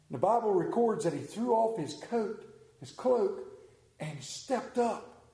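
A male pastor preaches with dramatic swings, acting out lines loudly and then dropping to a hush. His voice sits on the high side but sounds mellow. The sound carries the echo of a church room. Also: expressive, moderate pace. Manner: dramatic preaching, shifting from loud to hushed. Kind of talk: sermon.

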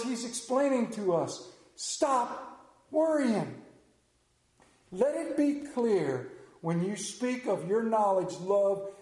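High-voiced male pastor in a roomy church. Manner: humorous, conversational preaching with sudden hushed drops. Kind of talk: sermon.

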